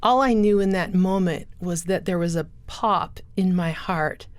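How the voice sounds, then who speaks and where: A woman's voice: on the low side, unhurried. Earnest woman telling her life story. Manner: earnest storyteller, acts out quoted voices. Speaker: guest. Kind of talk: personal testimony interview.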